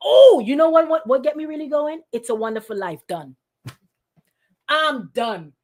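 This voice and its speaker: A woman pastor giving a lively, conversational sermon, calling on congregants by name and often restarting her sentences. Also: high-pitched, moderate pace. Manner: animated, lively, acts out quoted voices, addresses congregants by name; frequent restarts and repetitions.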